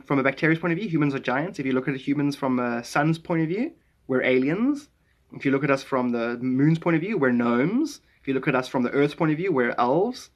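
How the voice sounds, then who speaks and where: A South African man chatting casually on a live stream, rambling and animated as he jumps between ideas. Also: medium pitch, dull audio.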